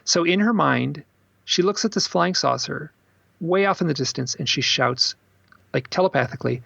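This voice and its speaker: Male author as podcast guest, husky and gravelly, animated storyteller, dull dry recording. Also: medium pitch, a little fast, no room sound. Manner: animated storyteller acting out quoted voices. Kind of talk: storytelling in a casual interview.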